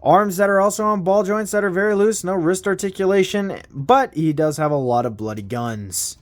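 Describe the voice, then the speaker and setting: A man's voice: sits high, moderate pace. A man giving a casual toy review, rambling and self-deprecating, with casual swearing.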